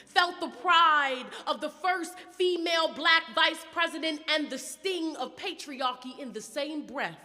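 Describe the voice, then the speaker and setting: Hoarse woman poet, bright and high. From Baltimore, USA. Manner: rhythmic, emphatic delivery building to loud peaks. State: hoarse, getting over a cold. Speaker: spoken word poet. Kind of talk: spoken word poetry performance. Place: theater stage before an audience. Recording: long theater reverb.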